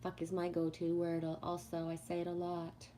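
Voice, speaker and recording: A woman's voice: on the low side, completely flat delivery, moderate pace, warm tone, slight background noise. A woman livestreaming casually to viewers, ranting bluntly and swearing freely, then reading oracle cards. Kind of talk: casual live chat with viewers.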